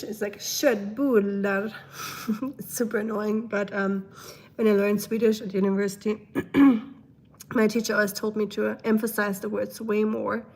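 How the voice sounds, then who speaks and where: A young woman hosting a live stream, chatting casually and reading out comments. She is silly and laughs often, and her throat is full of mucus, so she keeps clearing it. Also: medium pitch, a little mellow.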